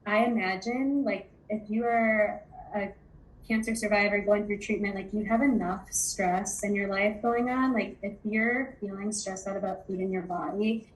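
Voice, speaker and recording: A woman guest sharing thoughts on intuitive eating in a relaxed, rambling way, with many fillers. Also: medium pitch, moderate pace, rough recording. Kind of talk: conversational interview.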